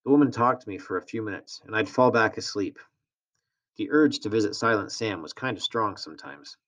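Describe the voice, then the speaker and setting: Man, lower voice, steady novel reading, plain storyteller. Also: a little fast. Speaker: reader.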